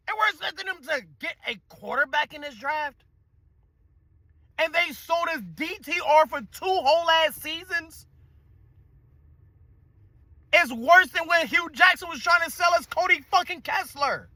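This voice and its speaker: Male sports host, high and piercing, dry close sound; profane, fired-up rant full of repeats. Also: measured pace, pauses often, bright, forceful tone, no room sound. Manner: heated, profane, repeats himself. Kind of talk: ranting sports commentary.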